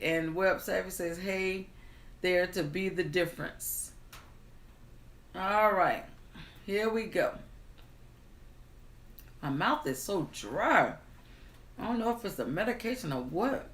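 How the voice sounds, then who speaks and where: A woman hosting a live stream, greeting viewers, reading their comments aloud in an unhurried, friendly way, then starting a storybook tale. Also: on the low side, a bit bright, reverberant. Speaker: livestream storyteller host.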